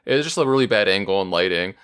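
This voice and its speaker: A man's voice: low voice, animated, racing, a bit bright, clear, resonant tone. A man co-hosting a casual gaming podcast, telling stories and reading listener mail in an easygoing way. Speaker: podcast co-host. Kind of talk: casual chat.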